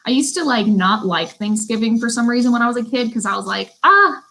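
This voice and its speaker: Brief: young woman, beauty school instructor on a live stream, friendly and chatty, a bit high-pitched. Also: fairly even intonation, fast talker, vocal fry, rough recording. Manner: chatty, reads out viewer comments. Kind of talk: casual live-stream class.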